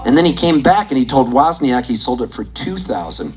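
A performer on stage telling a rambling, excitable story, often breaking into laughter. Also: medium pitch, fairly quick, poor audio. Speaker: comedian and musician on stage. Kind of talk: stand-up storytelling. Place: on stage at a desert venue.

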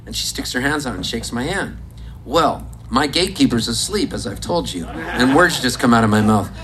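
A man performing live, telling a rambling, deadpan story to an audience and breaking into laughs now and then. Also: mid-range voice, normal speed, background noise. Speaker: musician and comedian on stage. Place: stage at a live show. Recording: live recording with loud crowd. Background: audience laughing, guitar.

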